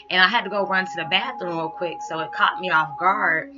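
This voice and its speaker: A woman speaks to her viewers in an earnest, rambling confessional monologue. She speaks with emotion and often acts out conversations. The recording is a little dull, and clear background music runs throughout. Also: on the low side, fairly quick, hardly any pauses. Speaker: vlogger.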